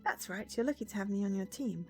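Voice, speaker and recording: Cocky thirties male detective with a Scottish accent, confident and boastful, with lively pitch, voiced by a woman. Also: quick pace, husky, soft background music. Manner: confident, self-assured boasting. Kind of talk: visual novel voice reading.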